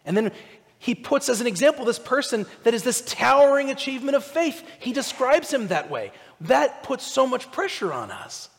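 A male pastor giving a conversational, animated sermon, asking his listeners direct questions. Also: very high-pitched, moderate pace, creaky, big-room sound.

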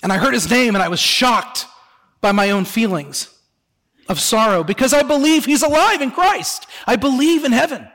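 A man preaching a sermon as pastor, very expressive, sinking soft and slow on solemn words and rising on rhetorical questions. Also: very high-pitched, big-room sound. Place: church sanctuary.

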